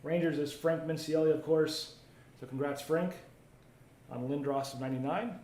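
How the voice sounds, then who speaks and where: Card break host, male, casual patter while opening packs, slightly high voice, roomy sound. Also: moderate pace, a little mellow. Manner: chatty, reads viewer comments aloud while opening packs. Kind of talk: live card break commentary. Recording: roomy echo, faint ambient noise.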